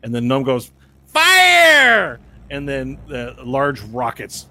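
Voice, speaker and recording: A man's voice: medium pitch, flat delivery, unhurried. A man narrating a tabletop game as game master, in a loose, rambling way with fillers and sound effects.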